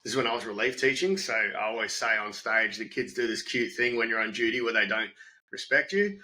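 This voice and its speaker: A man's voice: on the low side, a little fast, rough recording. A young Australian man, a comedian and former teacher, telling anecdotes in a casual chat and acting out the voices. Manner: animated, acts out voices in anecdotes.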